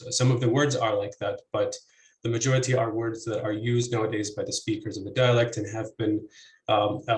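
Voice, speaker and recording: A man giving an academic linguistics presentation over a video call, hesitant, with many fillers and restarts. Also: fairly low pitch. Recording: echoey room, faint noise.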